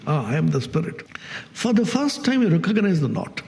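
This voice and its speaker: A man's voice: fairly high pitch, very animated, a little fast, vocal fry, darkish tone, long reverb tail, slight background noise. A swami giving a spiritual discourse on Vedanta to an audience. He asks his listeners questions and acts out everyday speech.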